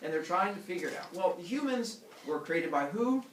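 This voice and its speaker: A man teaching a class, telling a myth with a slightly high, very lively voice and acting out the characters in silly voices. He sounds distant, with an echoey classroom around him and faint room noise. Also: normal speed. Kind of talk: storytelling lesson to students.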